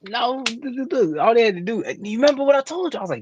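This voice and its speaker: A man's voice: extremely high pitch, sing-song, fast talker, few pauses, husky, no room sound, dull audio. Rambling male podcast co-host. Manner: rambling, lots of "you know" fillers. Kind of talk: casual chat.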